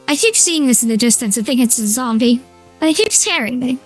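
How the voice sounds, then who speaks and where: Chatting through a live gaming stream, a man's voice comes out high, bright and feminine thanks to a voice changer. The tone is playful and excitable, full of quick squeals and giggles, with faint music underneath.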